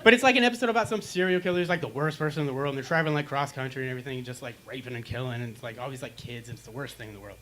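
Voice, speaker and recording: Bright-voiced young comedian. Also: male voice, medium pitch, racing, few pauses, a little hiss or hum. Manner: dark deadpan jokes, acting out pained groans. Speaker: stand-up comedian. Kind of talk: stand-up comedy set. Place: small lounge stage with live audience.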